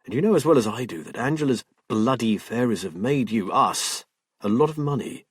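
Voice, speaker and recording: A man voicing a hurt but steady husband who speaks firmly and with care, in an audiobook. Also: medium pitch, normal speed, husky, dry recording, studio quality. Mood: firm caring. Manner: indignant, then firm and caring.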